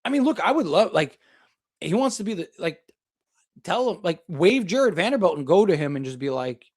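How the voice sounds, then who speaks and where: A young man whose voice sits high, with a sing-song lilt and darkish tone, speaks at a moderate pace while hosting a casual live basketball talk show. Working through viewers' super chats, he rambles, thinks aloud, and uses many fillers.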